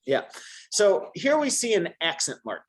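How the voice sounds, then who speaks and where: A man's voice: sits high, huge pitch swings, measured pace. A man teaching a one-on-one Spanish lesson, patient and encouraging, modeling words for the student to repeat.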